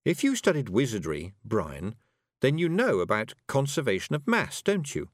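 Sly young witch girl, voiced by a male reader: slow, calm, sweetly cutting. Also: medium pitch, no room sound, studio quality.

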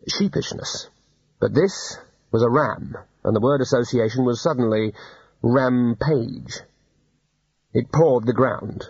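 A man reading an audiobook in a dry, unhurried storytelling manner. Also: medium pitch, darkish tone, breathy edge, dry recording, lo-fi sound. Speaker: narrator. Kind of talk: audiobook narration.

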